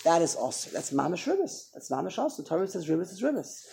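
Gravelly male rabbi-teacher, animated lecture, repeats himself. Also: a little high, quick pace. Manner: animated, repeats and restarts phrases. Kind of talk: Torah class lecture.

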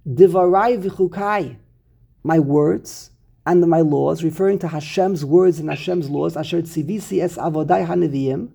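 A man with a somewhat high, warm, creaky, and slightly rough voice teaches a Talmudic-style Torah text class at a moderate pace. He explains the verses emphatically and repeats words to stress them.

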